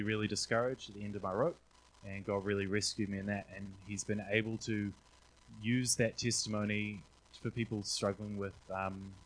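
A man's voice: lowish voice, slight background noise, poor audio. A young man, casually sharing faith testimonies with lots of "um" and acted-out quotes. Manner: rambling, frequent "um", acts out quotes. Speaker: church member sharing testimonies.

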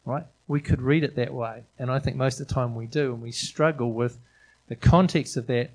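A middle-aged man preaching to his congregation in a loose, conversational style. He sounds eager and keeps circling back on his words with fillers and restarts, at an ordinary mid pitch for a man. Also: steady tone, normal speed, poor audio. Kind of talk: informal sermon.

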